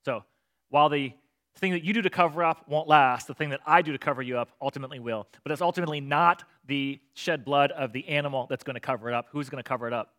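A man preaching a sermon, lively and talkative, often checking in with the crowd with "right?" and acting out voices of the characters. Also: fairly high pitch, fast talker. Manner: animated, acts out voices of God and children. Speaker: pastor.

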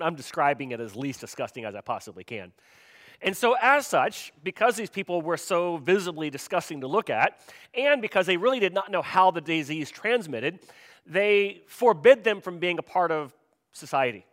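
A man's voice: a little high, fairly bright tone. A man preaching a sermon in a conversational way, often turning to ask the congregation questions. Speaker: pastor.

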